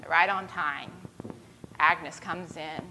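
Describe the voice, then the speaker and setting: A woman preaching a sermon, retelling a story with lively voiced quotes. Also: low-pitched, slow, a little hiss or hum, rough recording.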